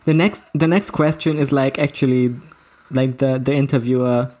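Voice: mid-range voice, steady tone, moderate pace, mellow. A podcast co-host talking casually and reading quotes aloud, with many fillers and restarts. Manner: storytelling, uses many fillers.

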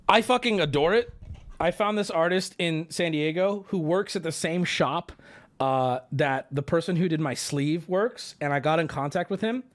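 High-voiced man telling a story, swearing freely. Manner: animated, swears freely, many fillers. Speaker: streamer. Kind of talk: casual storytelling to a stream chat.

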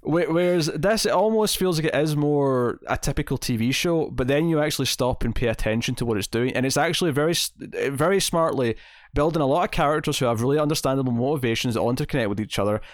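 Male podcast host, mid-pitched, eager and rambling, dry close mic. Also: fast talker, dry recording. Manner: enthusiastic, rambling, many restarts. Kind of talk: casual TV recap chat.

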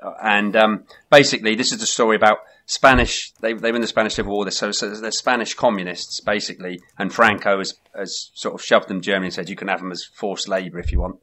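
A laid-back man co-hosting a casual chat, explaining a film and often trailing off quietly. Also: fairly low pitch, fairly even intonation, fast talker, few pauses. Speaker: co-host.

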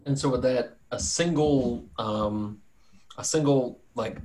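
A male game master describes scenes in a loose, rambling way, full of jokes and asides. His voice sits at an ordinary middle pitch. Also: slow pace, warm tone. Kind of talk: narrating a tabletop game.

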